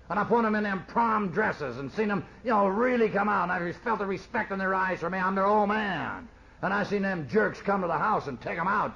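An older man tells his recovery story in a rough, gravelly voice, swinging from lively highs to hushed, low passages. He speaks in plain, streetwise terms with open emotion. The recording sounds dull and lo-fi. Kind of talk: personal recovery testimony.

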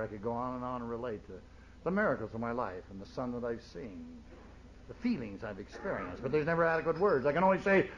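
An older man tells his recovery story in a rough, gravelly voice, swinging from lively highs to hushed, low passages. He speaks in plain, streetwise terms with open emotion. The recording sounds dull and lo-fi. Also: fast talker, a little hiss or hum. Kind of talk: personal recovery testimony.

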